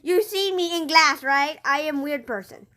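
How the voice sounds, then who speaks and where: A woman co-hosting a casual gameplay video in a high voice. She rambles excitably and restarts her sentences often. The talk is loose and chatty throughout. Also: moderate pace. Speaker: gaming channel co-host.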